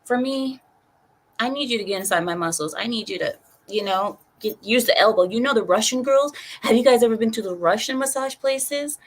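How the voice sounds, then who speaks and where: A woman's voice: fairly high pitch, brisk, slight background noise. A woman hosting a casual livestream, reading chat comments aloud in a chatty, rambling way and laughing often.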